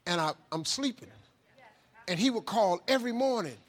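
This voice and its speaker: Animated high-voiced man telling a story. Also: moderate pace. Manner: animated storyteller acting out phone calls, shouting. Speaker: motivational speaker. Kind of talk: motivational storytelling.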